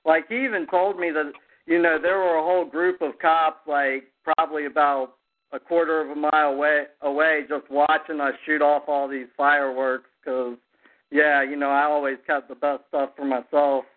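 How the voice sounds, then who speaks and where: Male caller, higher-pitched, casual rambling story, lots of fillers, tinny phone sound. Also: little pitch movement, normal speed.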